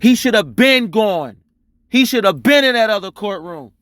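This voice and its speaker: A man reacting to courtroom footage, loud and exasperated, yelling and cursing at what he watches. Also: high voice, expressive, normal speed, dry recording, studio quality. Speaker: reaction streamer. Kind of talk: angry live reaction commentary.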